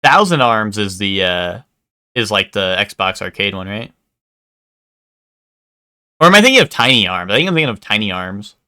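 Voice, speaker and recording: Streamer guy with a bright voice, rambling and swearing at chat, lots of likes and ums. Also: fairly low pitch, big pitch swings, normal speed, long pauses. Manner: rambling, full of "like" and "um", swears casually. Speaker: live streamer. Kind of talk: casual live-stream chat with viewers.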